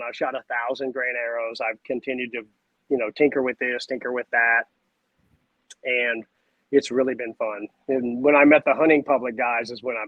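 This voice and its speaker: A man, a podcast guest telling stories in a casual, animated way. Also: medium pitch, dry recording, highs cut off. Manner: animated, acts out voices and sounds. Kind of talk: casual storytelling chat.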